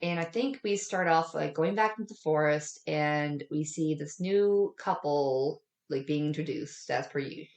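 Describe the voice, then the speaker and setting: Woman, low-pitched, casual podcast chat, laughs often, echoey room. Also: moderate pace, few pauses, darkish tone. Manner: laughing, acts out characters in exaggerated voices. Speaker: podcast co-host. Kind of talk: casual movie review chat.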